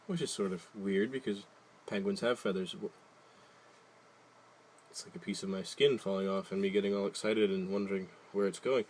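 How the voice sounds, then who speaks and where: A man's voice: sits low, a little mellow, slight background noise. A man casually reading a picture book aloud, adding wry, jokey asides and loosely retelling the story. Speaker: reader.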